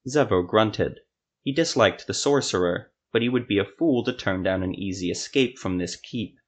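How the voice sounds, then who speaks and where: A man narrating a scripted fantasy story for a podcast in a steady, even storytelling manner. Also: fairly low pitch, normal speed, breathy edge.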